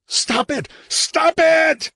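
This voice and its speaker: A man voicing a desperate young husband who shouts in terror, ragged and high. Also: expressive, slow pace, slight background noise. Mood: frantic shouting. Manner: ragged shrieking, pitched high.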